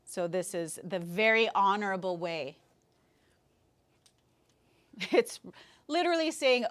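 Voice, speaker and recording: Slow, patient woman teaching a language. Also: mid-range voice, animated. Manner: patient, repeats words slowly for learners. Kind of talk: online language lesson.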